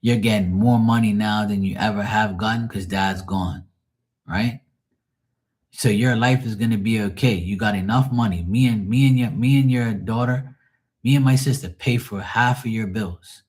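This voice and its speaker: A man's voice: lowish voice, normal speed, darkish tone. A middle-aged man venting on a live call in a profane, rambling, exasperated way. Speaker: caller on a live tarot stream. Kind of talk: casual venting.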